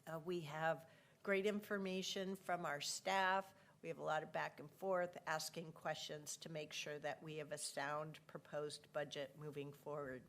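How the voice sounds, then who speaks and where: A woman's voice: deep voice, steady tone, normal speed, fairly bright tone. A woman with a cough chairing a public board meeting, courteous and procedural. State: has a cough.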